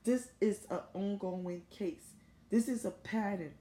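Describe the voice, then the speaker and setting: A woman's voice: mid-range voice, measured pace, warm tone, a little hiss or hum. A distressed middle-aged American woman making an urgent, repetitive appeal straight to camera as a grieving mother. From United States. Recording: roomy echo.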